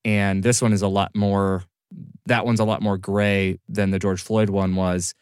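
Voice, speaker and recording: A man's voice: fairly low pitch, little pitch movement, unhurried, darkish tone, clean tone, dry recording, clean studio sound. A man co-hosting a casual podcast discussion, explaining hesitantly with many restarts. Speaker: podcast co-host.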